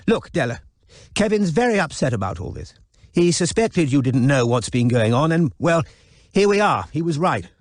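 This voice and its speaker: A man's voice: fairly high pitch, very animated, normal speed, no echo, clean studio sound, voice pushed up. A man reading an audiobook, voicing an irate elderly woman who speaks bluntly and insistently.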